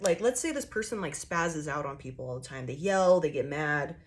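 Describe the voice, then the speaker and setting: A woman's voice: low voice, brisk, few pauses. A young woman giving a casual tarot reading, blunt and profane, ranting with lots of fillers, jittery from coffee. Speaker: tarot reader.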